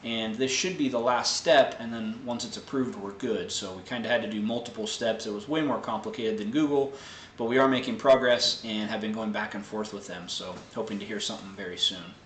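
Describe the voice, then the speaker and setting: A man hosting a live question-and-answer show, explaining technical answers in a relaxed way with many fillers. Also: on the low side, a little fast, roomy sound, a little hiss or hum. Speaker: host answering viewer tech questions. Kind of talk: casual live Q&A.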